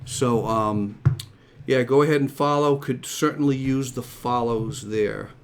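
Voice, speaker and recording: Slow-talking chatty male live-stream host. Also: mid-range voice, clean tone. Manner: chatty, upbeat, repeats himself. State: out of breath. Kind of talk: casual live-stream chat. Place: room in his home.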